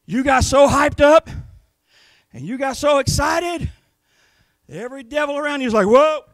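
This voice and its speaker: A man preaching a Pentecostal sermon in church, swinging from hushed asides to impassioned shouted peaks. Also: extremely high pitch, expressive, moderate pace, no room sound. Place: church sanctuary.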